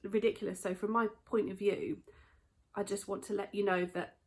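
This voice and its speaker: A woman chats easily to her viewers as she films herself on a handheld camera. Her voice sits in an ordinary middle pitch, and her talk is relaxed and homely as she moves through the house and out to the greenhouse. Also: moderate pace. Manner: chatty, talks straight to viewers. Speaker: vlogger. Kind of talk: casual vlog chat. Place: home and garden greenhouse.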